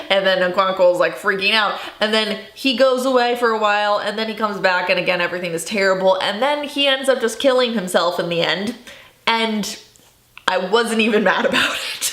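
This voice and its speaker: A woman's voice: mid-range voice, normal speed, a bit bright. A young woman from Illinois chatting casually about books she dislikes, sarcastic and exasperated, with laughing asides. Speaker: book vlogger. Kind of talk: casual chat. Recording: echoey room.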